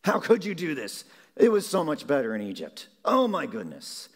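A man's voice: fairly high pitch, wildly swooping pitch, normal speed, breathy edge, voice pushed up, exaggerated voice. A thirsty wandering crowd whines and grumbles in overblown complaint, as a man puts it on. The voice rises into a pleading, exaggerated moan. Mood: whiny.

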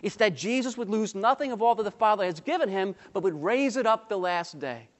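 A man's voice: high voice, expressive, brisk, in a large hall. A male pastor preaching a sermon, emphatic and full of rhetorical questions to the congregation, with light humorous asides.

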